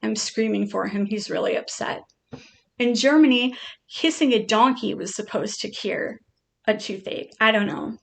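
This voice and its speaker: Chatty woman with a creaky voice. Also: medium pitch, moderate pace. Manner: chatty and playful, reading out odd facts. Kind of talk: casual chat to a pet.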